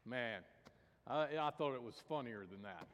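A man's voice: mid-range voice, normal speed, a bit bright, a little hiss or hum. A man preaching as pastor, telling stories and jokes in a folksy manner. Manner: folksy storytelling. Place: church sanctuary. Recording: reverberant church hall.

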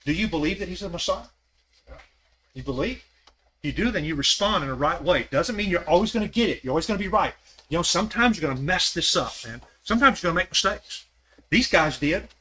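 Bright-voiced man teaching a Bible class. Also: a little high, expressive, fairly quick. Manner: conversational, asks the class questions; acts out scripture quotes with shifting voice.

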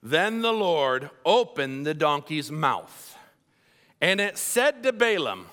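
A man preaching a sermon to a congregation, telling the story with lively asides and acted-out voices. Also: a little high, takes it slowly. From Colombia. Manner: animated storytelling, acts out voices.

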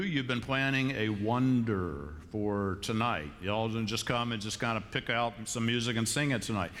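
A middle-aged man preaching a sermon in a large church, telling stories in a conversational way and moving between hushed tones and animated bursts. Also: mid-range voice. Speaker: pastor. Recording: long church-hall reverb.

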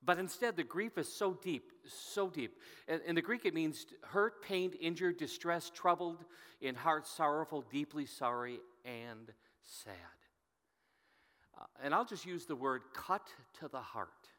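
Here the pastor's voice is a little high, pushed and bright, and a bit slow. Long hall reverb surrounds him as he recounts a Bible story and reads scripture with mounting emphasis.

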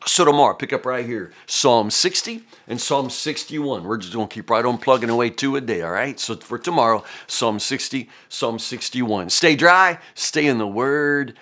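A man's voice: medium pitch, animated, normal speed, few pauses, bright, forceful tone. A man giving a casual devotional Bible teaching, folksy and emphatic, with frequent fillers.

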